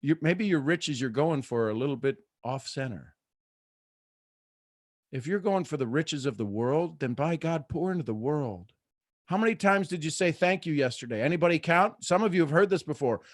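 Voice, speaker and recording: A man hosting a live motivational morning show, preaching with soft asides and sudden loud bursts of excitement. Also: a little high, moderate pace, dry recording, studio quality. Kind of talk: energetic motivational talk.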